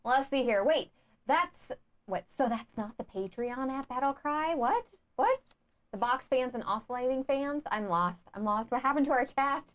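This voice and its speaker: A woman co-hosting a board game playthrough in casual chat, excitable and quick to laugh, often calling out to the viewers. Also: high voice. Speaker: board game player and co-host.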